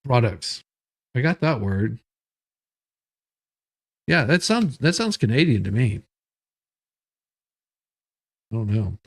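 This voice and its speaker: Male host, gravelly voice, rambling jokey news commentary. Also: mid-range voice, very animated, slow, long pauses. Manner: rambling, joking, self-interrupting.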